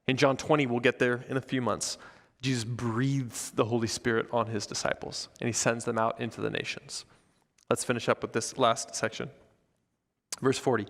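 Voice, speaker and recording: A male pastor preaching a sermon, reading scripture and acting out the voices of the crowd in a casual, animated way. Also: medium pitch, gravelly. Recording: church hall with long reverb.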